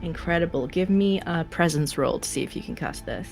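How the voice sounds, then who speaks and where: Low-voiced female game master, hesitant delivery, faint music bed. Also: animated, brisk, gravelly, darkish tone. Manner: hesitant, many fillers. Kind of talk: running a tabletop game.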